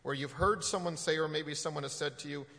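A man giving a conversational sermon as a pastor, halting often with fillers and restarts. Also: a little high, fairly even intonation, creaky, bright, forceful tone, in a large hall.

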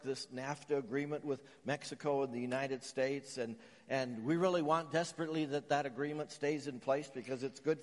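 A man from Canada delivers a sermon in an earnest, storytelling manner. His voice sits a little high, and his questions climb with emphasis. The words trail into a long reverb, as in a large hall. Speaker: pastor.

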